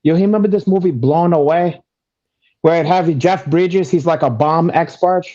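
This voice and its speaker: A man's voice: on the high side, normal speed, mellow. A man co-hosting a casual podcast chat, rambling and cursing in loose, broken grammar. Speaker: co-host. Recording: dull lo-fi audio.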